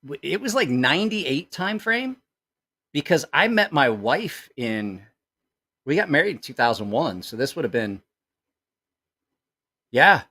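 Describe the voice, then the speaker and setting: A man's voice: fairly high pitch, unhurried, long pauses, slightly rough. A middle-aged man hosting his channel, telling a rambling story in a casual way, swearing a lot and acting out the voices of the people in it. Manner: profane, animated, acts out quoted voices; rambling with self-corrections. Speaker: channel host.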